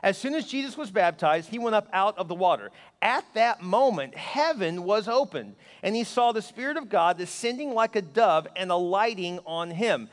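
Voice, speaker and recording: A middle-aged male pastor giving a lively, conversational sermon and joking with the congregation. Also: high-pitched, normal speed, hardly any pauses. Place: large church hall. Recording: long hall reverb.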